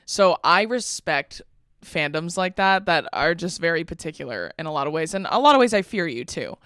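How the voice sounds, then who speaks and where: A woman's voice: lowish voice, lively intonation, normal speed, a bit bright, smooth, no room sound, studio quality. A young woman co-hosting a podcast in casual chat, laughing often and swearing freely. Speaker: podcast co-host.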